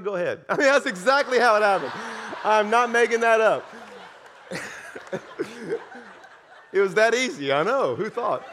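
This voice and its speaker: Animated Southern pastor telling a story. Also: male voice, high voice. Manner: animated, self-mocking storyteller with laughs. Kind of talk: sermon storytelling.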